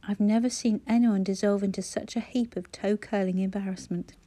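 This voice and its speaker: Woman voicing hoarse, wry sick woman Clara. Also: medium pitch, fairly even intonation, brisk, dark tone, natural voice. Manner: wry, teasing. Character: ailing older woman, hoarse, dry wit.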